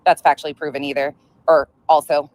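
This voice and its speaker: A woman's voice: sits low, little pitch movement, a little fast, a little mellow, dry recording. A woman hosting a commentary stream, answering played clips with blunt, sarcastic retorts. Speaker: commentary channel host.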